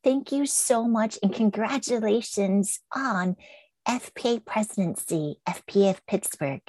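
A woman's voice: mid-range voice, a little slow, darkish tone, dry recording. A woman hosts an interview with an effusive, grateful manner, often thanking her guest. Her voice sits mid-range and sounds dry and close, with no room around it. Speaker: interview host. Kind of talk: interview conversation.

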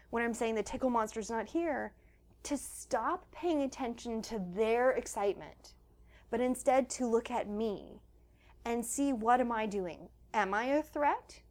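A woman author being interviewed at her home, explaining research with lively asides. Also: on the high side. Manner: animated, acts out quoted children's voices. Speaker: author and guest. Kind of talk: conversational interview.

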